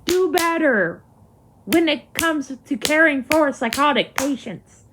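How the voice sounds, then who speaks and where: A woman's voice: high-pitched, measured pace, noisy background. A young woman ranting heatedly to camera in a vlog, emphatic and swearing often. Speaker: vlogger. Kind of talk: angry to-camera vlog rant.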